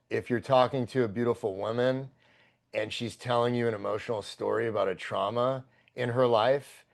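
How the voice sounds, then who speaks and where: A man, a podcast guest, telling a long story in a casual, profane, excitable and rambling way. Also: mid-range voice, creaky.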